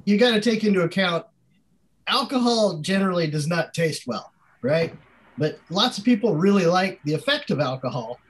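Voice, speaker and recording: A man on a comedy panel, telling rambling deadpan stories and acting out other people's voices. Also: high voice, moderate pace. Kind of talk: improvised comedy chat.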